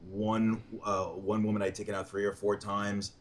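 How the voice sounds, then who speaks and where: Speaking at normal speed in a lowish voice, this male comedian swaps dating tales during a laid-back interview. He stays animated, voicing the dialogue of the people in his stories.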